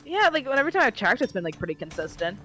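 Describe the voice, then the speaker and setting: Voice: mid-range voice, big pitch swings, fast, sharp tone. A young adult chatting on a game stream, telling stories with lots of fillers. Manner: chatty storytelling with many likes. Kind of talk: casual gaming chat.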